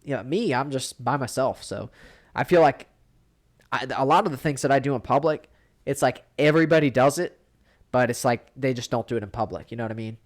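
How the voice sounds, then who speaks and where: A man's voice: medium pitch, a little fast. A young man co-hosting a podcast in casual chat, blunt, rambling and full of swearing. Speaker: podcast co-host.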